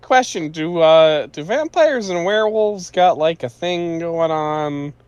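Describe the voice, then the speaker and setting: Male player, smooth voice, dry close mic, musing. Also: fairly high pitch, lively intonation, slow, a little mellow, dry recording, lo-fi sound. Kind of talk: casual tabletop game chat.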